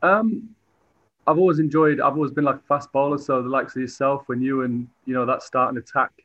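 A man's voice: mid-range voice, steady tone, fairly quick, a bit bright. A man from England, a football goalkeeper, answering interview questions hesitantly with many restarts. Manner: hesitant, lots of fillers and restarts. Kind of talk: relaxed sports interview. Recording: dull lo-fi audio.

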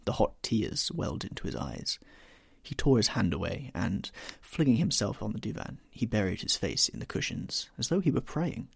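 A man narrating a classic novel in an expressive, measured storytelling manner. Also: fairly low pitch, gravelly, breathy edge, no echo, clean studio sound. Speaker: audiobook narrator.

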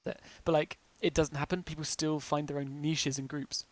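A man's voice: on the high side, level tone, moderate pace. A man co-hosting a podcast in casual chat, enthusiastic and giggly with lots of fillers. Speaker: podcast co-host.

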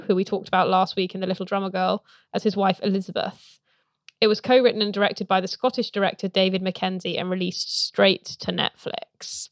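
A woman's voice: mid-range voice, no room sound, studio quality. A woman co-hosting a podcast, chatting casually about a film, laughing often and mocking what the characters say. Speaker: podcast co-host. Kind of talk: casual film review chat.

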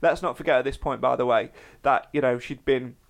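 A man's voice: medium pitch, steady tone, brisk, vocal fry. A man co-hosting a podcast, chatting casually and reading a fan post aloud, tripping over words as he goes. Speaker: podcast co-host.

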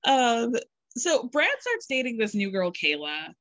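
Female co-host, animated recap storyteller, bouncy pitch, bone-dry mic. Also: measured pace, no echo, dull audio. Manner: giggly, animated storytelling with quoted voices. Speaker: podcast co-host. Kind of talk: casual recap chat.

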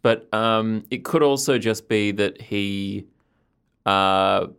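A man with a low, gravelly voice co-hosts a casual podcast chat. He mostly adds short reactions and dry remarks, often stumbling and restarting his sentences. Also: slow, a bit bright. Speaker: podcast co-host.

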